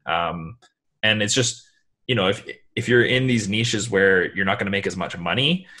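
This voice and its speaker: A man with a deep, low voice talks through his answers in a relaxed interview. His delivery is loose and meandering, full of casual fillers. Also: moderate pace. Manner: relaxed, rambling, many "like" fillers. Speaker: guest, online seller.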